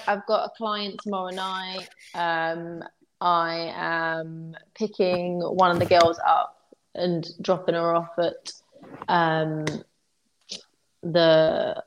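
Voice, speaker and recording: A woman's voice: fairly low pitch, level tone, slow, a little hiss or hum, poor audio. A woman co-hosting a podcast in casual chat, frank and rambling with ums. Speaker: podcast co-host and stylist.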